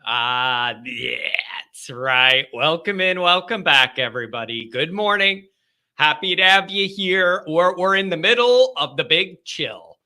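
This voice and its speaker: High bright-voiced guy rambling on a live call-in show, lots of likes and you knows. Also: animated, normal speed. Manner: rambling, conversational, filler-heavy. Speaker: host of a fan call-in show. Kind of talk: casual live chat.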